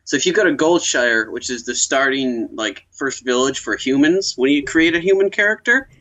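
A man's voice: mid-range voice, expressive, moderate pace, bright, forceful tone, rough recording. A man co-hosting a casual podcast, joking and explaining gaming culture. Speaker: podcast co-host.

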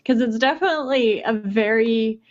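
A woman's voice: fairly high pitch, normal speed. Laughing woman chatting about games. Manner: laughs often, many ums and uhs. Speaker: podcast co-host. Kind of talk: casual chat about video games. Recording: dull lo-fi sound.

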